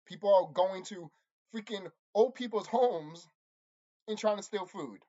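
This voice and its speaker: A channel host delivering an angry, profane monologue to viewers, repeating himself and insulting his audience. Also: unhurried. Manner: lively swings in pitch and loudness. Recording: dull lo-fi recording.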